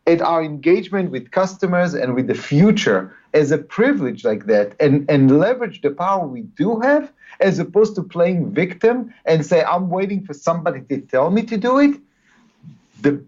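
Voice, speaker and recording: A man, a guest author, answering interview questions with animated storytelling, often repeating words as he builds a point. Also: on the high side. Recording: dull lo-fi audio.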